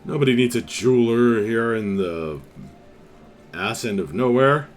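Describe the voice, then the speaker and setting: A man's voice: medium pitch, unhurried, faint music behind, natural voice. A man doing a bitter, grumbling jeweler. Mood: defensive, grumbling. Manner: grumbling, defensive, clipped. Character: nervous, bitter middle-aged male small-town jeweler.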